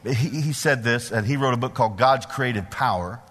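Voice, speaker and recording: A middle-aged male preacher giving a sermon in a church, folksy and animated, putting questions to the congregation. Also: mid-range voice, moderate pace. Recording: long hall reverb.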